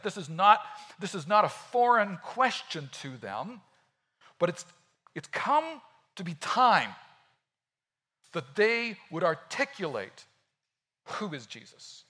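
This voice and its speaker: A man preaching a sermon in a conversational, animated way, often acting out quotes. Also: high voice. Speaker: pastor.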